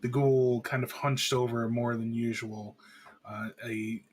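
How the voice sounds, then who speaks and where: A man running a tabletop game as dungeon master, making brisk, easygoing rules calls. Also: mid-range voice, level tone, husky.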